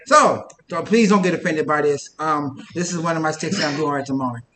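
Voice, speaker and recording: Man, video host, high-pitched, rambling, self-interrupting, casual. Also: fairly quick, hardly any pauses, pushed and bright, roomy sound. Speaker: YouTuber. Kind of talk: casual talk to camera.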